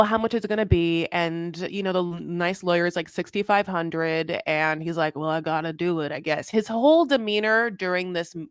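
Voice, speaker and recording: A woman's voice: medium pitch, clear, resonant tone, no room sound. A woman co-hosts a recap podcast in a casual, sarcastic way, tossing in playful jokes. Her voice sits in a middle register. The recording is dry and close, with no room sound. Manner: playful, sarcastic, animated asides. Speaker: podcast co-host.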